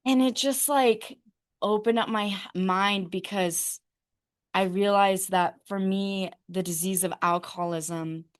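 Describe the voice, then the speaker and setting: A woman shares her recovery story at a meeting, her voice at an ordinary middle pitch. She talks haltingly, with lots of ums and likes. She breaks into laughter often. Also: fairly even intonation. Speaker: speaker sharing at a recovery meeting.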